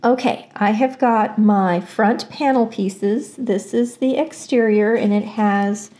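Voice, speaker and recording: A woman's voice: medium pitch, takes it slowly, mellow. A woman hosting a casual sewing tutorial from her home sewing room, chatty and self-deprecating, with plenty of fillers. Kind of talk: casual step-by-step sewing demonstration.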